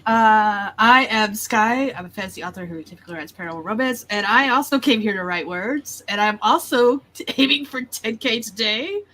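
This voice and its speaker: A woman author speaking on a casual livestream in a quick, matter-of-fact way. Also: on the high side, a bit bright, slight background noise, rough recording. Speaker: guest author. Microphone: video call.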